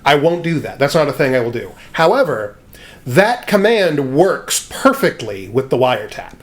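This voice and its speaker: A man co-hosting a comedy podcast, chatting casually and complaining in a wry, deadpan way. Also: fairly high pitch, moderate pace. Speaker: podcast co-host. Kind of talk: casual chat.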